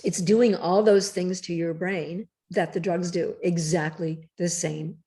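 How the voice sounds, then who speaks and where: Emphatic woman with a low voice. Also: steady tone, unhurried, dark tone. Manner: emphatic, lecturing, direct. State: morning voice, clearing throat. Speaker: cookbook author guest. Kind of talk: casual interview chat.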